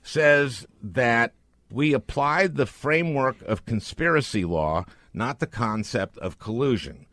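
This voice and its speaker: A man's voice: medium pitch, lively intonation, slow, a bit bright, no echo, studio quality. A man hosting a podcast interview, talking in an impassioned, emphatic way as he makes his case. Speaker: podcast host.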